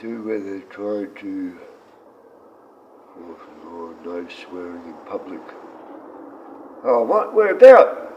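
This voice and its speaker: A man's voice: deep voice, animated, slow, long pauses, a little mellow. A blunt Australian man in his sixties, chatting loosely on a live stream, reading comments and talking to his dogs. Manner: blunt, rambling, reads chat aloud and talks to his dogs. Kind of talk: casual live-stream chat. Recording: dull lo-fi stream audio with faint noise.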